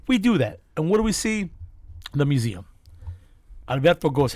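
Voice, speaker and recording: A man's voice: a little high, big pitch swings, moderate pace, long pauses, darkish tone, no echo. A man co-hosting a casual podcast chat, telling stories with lots of swearing and laughter. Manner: profane, storytelling, laughs often. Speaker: podcast co-host.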